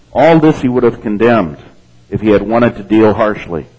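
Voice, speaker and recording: A man with a fairly low voice delivers a sermon, reading scripture aloud and commenting on it. He talks to the congregation in a relaxed, conversational way and keeps checking in with "okay?" and "amen?". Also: moderate pace, lo-fi sound. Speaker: pastor.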